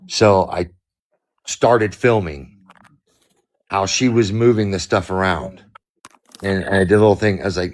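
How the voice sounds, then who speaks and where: Deep-voiced man telling animated stories. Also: measured pace, pauses often. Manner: animated storyteller acting out arguments. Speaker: livestream host. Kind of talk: casual storytelling chat.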